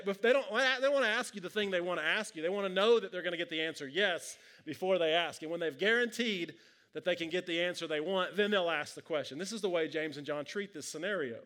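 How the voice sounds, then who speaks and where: High-voiced man preaching conversationally. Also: a bit bright. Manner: conversational preaching, asides like "right?". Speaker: pastor. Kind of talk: sermon.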